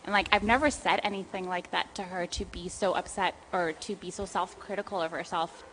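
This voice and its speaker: A woman's voice: fairly low pitch, steady tone, fairly quick, a bit bright, a little hiss or hum, low-quality recording. A woman, a parent in the audience, asking a question hesitantly with many fillers.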